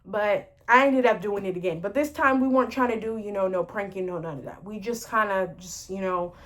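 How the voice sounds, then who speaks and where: A woman's voice: medium pitch, brisk, fairly bright tone. A woman telling a story in a casual vlog, rambling with lots of fillers and sounding exasperated. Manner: exasperated, venting retelling. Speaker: storyteller vlogger.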